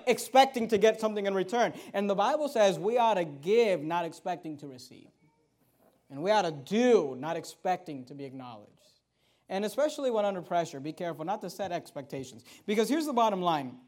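A pastor preaching a sermon in a lively, conversational style, rising loud and dropping to soft asides. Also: male voice, sits high, a little fast.

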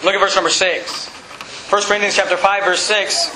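A male pastor preaching an emphatic, shouting sermon in a church. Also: sits high, level tone, normal speed, roomy sound, a little hiss or hum, poor audio. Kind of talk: fiery sermon.

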